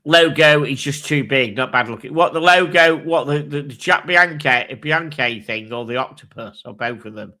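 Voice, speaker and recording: A man hosting a casual live chat with a bright, forceful voice. He thinks aloud, swears freely and reads specs and prices in an easy, offhand way. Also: medium pitch, moderate pace, hardly any pauses. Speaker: host.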